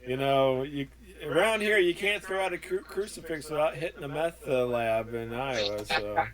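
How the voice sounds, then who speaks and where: A man's voice: fairly high pitch, normal speed, fairly bright tone, poor audio. A man hosting a podcast, teasing his guests with wisecracks in casual chat. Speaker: podcast host.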